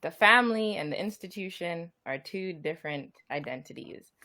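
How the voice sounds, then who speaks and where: A woman co-hosting a casual chat show, talking in a thoughtful, measured way with soft asides. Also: lowish voice, expressive. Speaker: podcast co-host.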